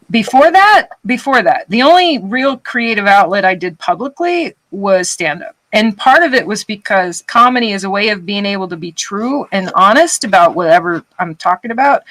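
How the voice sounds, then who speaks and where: A young adult woman hosts a casual livestream chat, joking and swearing freely. Her voice is animated and lively. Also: medium pitch, poor audio. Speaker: livestream host.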